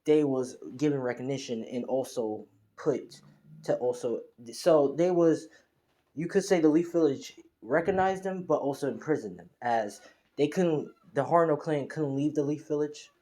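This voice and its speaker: A man's voice: mid-range voice, warm tone. A man improvising a fan story, rambling along with many restarts and fillers.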